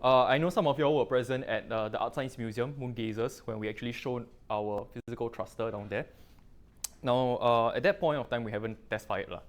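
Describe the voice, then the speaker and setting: A middle-aged man with a Singaporean English accent presents a technical talk to a room. He speaks loosely, with frequent fillers and local particles, in a mid-range pitch. His delivery sounds like a relaxed guest lecture. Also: brisk.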